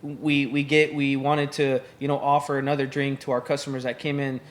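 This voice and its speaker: A man hosting a casual podcast interview in a relaxed, conversational way. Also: medium pitch. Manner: relaxed, conversational, quick backchannel replies. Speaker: podcast host.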